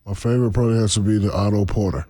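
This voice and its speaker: A man in his forties, a former basketball center, telling stories in a relaxed interview and laughing often. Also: lowish voice, rapid-fire. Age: 40s. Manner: laid-back, laughs often, acts out quotes. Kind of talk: casual storytelling interview.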